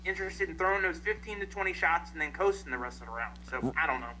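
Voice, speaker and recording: A man's voice: a little high, quick pace, bright, forceful tone, rough recording. A tired man in a casual boxing chat, hesitant and full of fillers.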